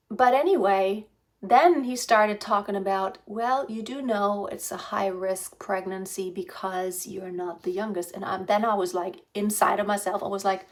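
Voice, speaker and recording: A woman in her fifties, a vlogger, tells a rambling personal story for a casual pregnancy vlog, speaking into a phone propped on a stand. Her voice sits at a medium pitch and moves at a moderate pace, full of fillers and restarts.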